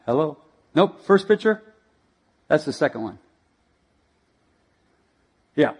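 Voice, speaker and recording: A male preacher telling a dramatic story in a sermon, animated and directing slides as he goes. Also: on the high side, takes it slowly, slightly rough.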